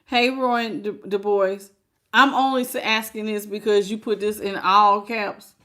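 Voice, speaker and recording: A woman's voice: medium pitch, fairly even intonation, a little slow, sharp tone. A woman hosting a live tarot reading. She talks frankly and folksily, greets viewers by name and calls them baby. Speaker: tarot reader.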